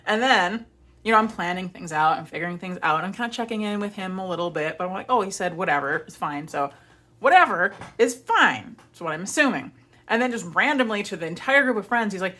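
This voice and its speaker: A woman's voice: medium pitch, expressive, brisk, pushed and bright. A young woman vlogger chatting casually to camera, telling stories and acting out her own flustered apologies. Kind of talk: casual chat.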